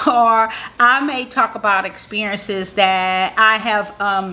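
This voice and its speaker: A woman's voice: fairly high pitch, sharp tone. A woman, a marketing strategist, giving a casual how-to tutorial in an upbeat, positive, motivational way, restating her points in plain, encouraging talk.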